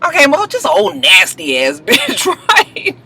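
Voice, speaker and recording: Sassy woman doing a reality show recap, cussing a lot, really bright voice. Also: medium pitch, unhurried, slightly rough, low-quality recording. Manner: profane, sassy, animated gossip. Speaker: vlogger reviewing a reality show. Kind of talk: casual recap commentary.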